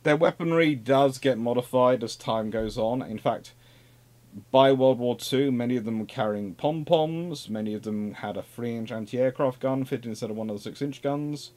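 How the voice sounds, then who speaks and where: A man giving an informal naval history lecture in a lively, conversational way, with asides and repeated phrases. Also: medium pitch, normal speed.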